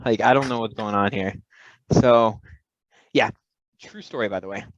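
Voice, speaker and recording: A man's voice: fairly low pitch, moderate pace, dry recording, lo-fi sound. A man co-hosting a comedy podcast, telling a rambling story full of restarts and quoted voices. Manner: rambling, self-interrupting, animated storyteller. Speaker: podcast co-host.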